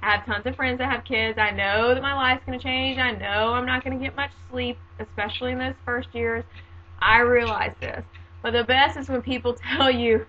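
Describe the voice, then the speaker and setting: Late-20s woman rambling on her vlog, kinda high voice, laughs a lot, a bit sarcastic, dull home-video sound. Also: fairly even intonation, moderate pace. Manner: chatty, laughs often, sarcastic asides. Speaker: vlogger. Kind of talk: casual chatty monologue.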